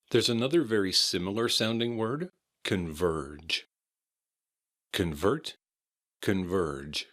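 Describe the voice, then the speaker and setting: Deep, slow American pronunciation teacher. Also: male voice, a bit bright. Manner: repeats each word slowly and clearly. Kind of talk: slow, careful pronunciation lesson.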